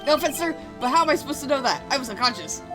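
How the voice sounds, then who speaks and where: A woman's voice: high voice, animated, rapid-fire, music in the background. A woman voicing a jittery, eager young male police officer who barks "sir" at the end of his lines. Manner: loud, ends lines with a barked "sir".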